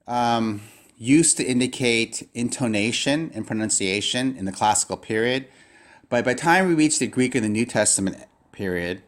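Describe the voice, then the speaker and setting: A man teaching a recorded language lesson, speaking haltingly with many fillers and restarts. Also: lowish voice. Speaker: Greek teacher. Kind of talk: recorded lecture.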